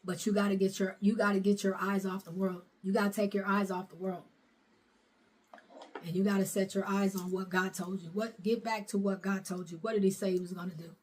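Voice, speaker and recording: A woman's voice: medium pitch, flat delivery, brisk. A middle-aged woman, preaching a sermon in a fervent, repetitive way. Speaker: prophetess preaching.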